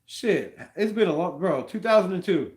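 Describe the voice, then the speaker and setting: A man hosting a casual live sports talk stream, rambling and animated, peppering his talk with slang. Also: high-pitched, normal speed. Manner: rambling, animated, says "bro" a lot. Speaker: fan show host.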